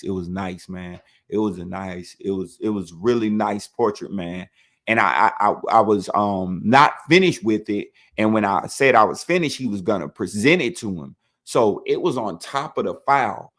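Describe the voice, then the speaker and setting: A man with a lowish voice recounts his own time in prison. His telling is casual and animated, and he tacks "man" onto nearly every phrase.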